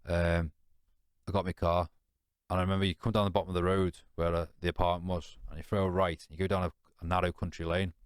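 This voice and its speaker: A man's voice: low voice, flat delivery, quick pace, smooth, dry recording, clean studio sound. A man with informal British slang telling a candid personal story in a podcast chat, blunt and swearing, rambling with fillers and often asking "you know what I mean". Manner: rambling and restarting with many fillers. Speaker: podcast guest.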